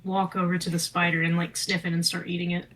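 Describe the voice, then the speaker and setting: A woman's voice: fairly low pitch, completely flat delivery, fast, fairly bright tone, a little hiss or hum, poor audio. A woman player in a casual tabletop game who talks playfully about her character's actions.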